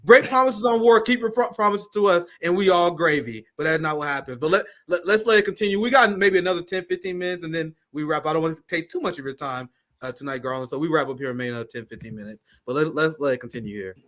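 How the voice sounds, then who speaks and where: A man's voice: fairly high pitch, fast talker, fairly bright tone. A man hosting a casual livestream, laid-back and slangy, laughing often, who says he grew up with a speech impediment. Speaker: livestream host.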